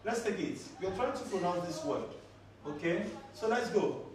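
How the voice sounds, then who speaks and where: A man's voice: high voice, animated, moderate pace, a crowd in the background. A man teaching a children's language lesson, patiently drilling words through repetition and questions. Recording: very echoey room, voice from far off.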